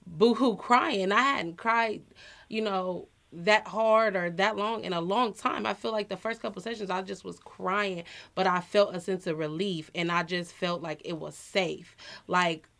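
A woman in her thirties talking in a relaxed, heartfelt way on a podcast. She speaks earnestly and often fills her pauses with "you know.". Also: medium pitch, creaky. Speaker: podcast co-host. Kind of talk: casual personal chat.

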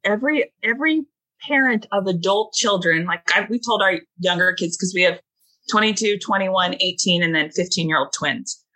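A woman in her forties tells a family story as a podcast guest, heartfelt and full of fillers. Her voice is bright and forward, with a husky edge. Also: medium pitch, moderate pace, poor audio. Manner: heartfelt, many fillers, quotes her kids. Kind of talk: emotional storytelling in a podcast chat.

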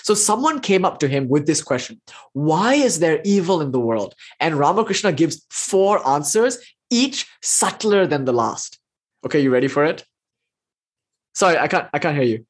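Husky male lecturer, fast and lively, teaching a live online class. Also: fairly high pitch. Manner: fast, animated explaining with playful asides. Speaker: philosophy teacher.

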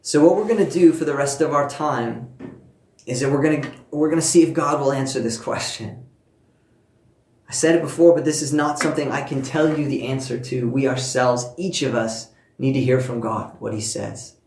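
A man preaching a sermon, telling a personal story with warmth and earnest emphasis, speaking to listeners at home. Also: medium pitch, normal speed, echoey room. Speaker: pastor.

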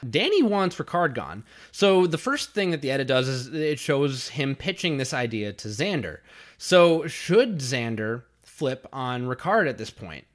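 A man's voice: medium pitch, big pitch swings, unhurried. A man co-hosting a podcast, talking casually and analytically about a reality competition episode, with frequent restarts. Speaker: podcast co-host. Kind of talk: casual reality-show discussion.

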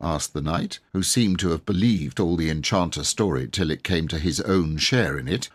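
Male audiobook narrator, deep husky voice, lively intonation. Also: moderate pace, few pauses. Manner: expressive, lively reading. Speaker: audiobook reader. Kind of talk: storybook narration.

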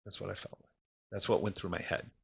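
A man telling a personal story of crisis in an emotional, halting way, his voice sinking quiet in the hardest parts. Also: flat delivery, vocal fry, breathy edge. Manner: emotional, pausing, voice drops low and quiet in heavy parts.

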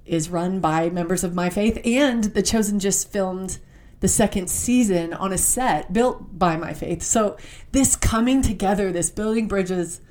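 A woman's voice: medium pitch, a little mellow. A woman giving a heartfelt devotional talk, reading scripture aloud and speaking with open emotion. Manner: reads scripture aloud slowly.

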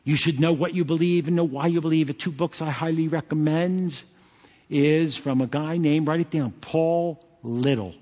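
A man's voice: fairly high pitch, normal speed, mellow. A man pastor preaching a sermon emphatically, with joking asides. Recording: long hall reverb.

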